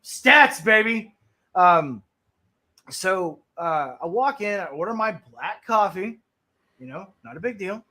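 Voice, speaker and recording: A man hosts a blunt talk stream, and his voice sits high and sounds bright and sharp. He tells his stories with animated, profane energy and trips over repeated words when he gets heated. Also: takes it slowly. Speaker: stream host. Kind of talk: blunt casual storytelling.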